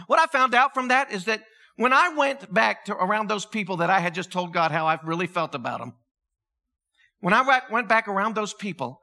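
A man with a high, very bright and forceful voice preaches to his church. He talks in a chatty, animated way, telling stories and laughing along with them. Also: gravelly. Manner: conversational, animated storytelling with laughs. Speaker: pastor. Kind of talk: sermon.

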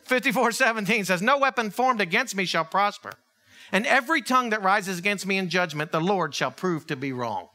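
A man preaching a sermon as pastor, conversational and animated, acting out little dialogues. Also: high-pitched, fairly quick.

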